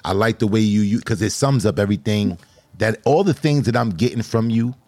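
A man's voice: on the low side, a little fast, a little mellow, dry recording, soft background music. Enthusiastic slangy male host. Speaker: show host. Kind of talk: casual interview chat.

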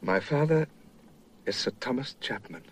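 A guarded, husky English officer. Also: male voice, mid-range voice, expressive, normal speed. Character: reserved young English officer, man, guarded. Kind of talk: film dialogue.

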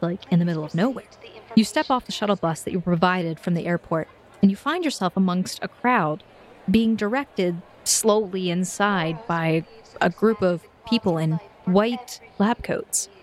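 A woman who runs a tabletop game as game master, narrating in a vivid, descriptive and playful way. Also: on the low side.

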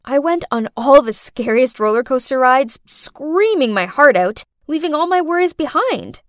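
A woman narrates her own story with expressive, dramatic flair. Her voice is high and moves lively up and down. The recording is close and dry, with no room sound. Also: moderate pace, dry recording. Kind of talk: first-person story narration.

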